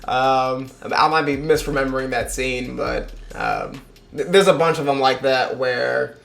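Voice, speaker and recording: A man's voice: mid-range voice, lively intonation, takes it slowly, gravelly, a bit bright, echoey room. A man giving a casual, rambling film review, swearing freely and acting out the characters' lines in mock voices. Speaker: movie reviewer.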